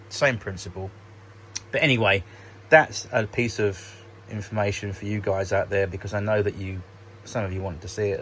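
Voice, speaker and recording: A man with a fairly low voice talks through a hobby how-to in a loose, rambling way. He corrects himself now and then and slips in some dry sarcasm. A faint hiss sits under the recording. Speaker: model railway hobby vlogger. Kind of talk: casual how-to demonstration.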